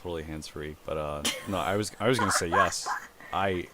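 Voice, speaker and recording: A man with a very deep, low voice co-hosts a podcast in casual chat. He speaks hesitantly and sheepishly, stopping and restarting, with clear background noise in the recording. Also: fairly quick. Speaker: podcast co-host.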